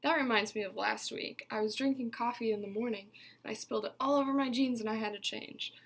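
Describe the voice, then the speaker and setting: A woman's voice: fairly high pitch, quick pace. A woman teacher reading a picture book aloud to her class, telling it expressively and stopping to ask the children questions.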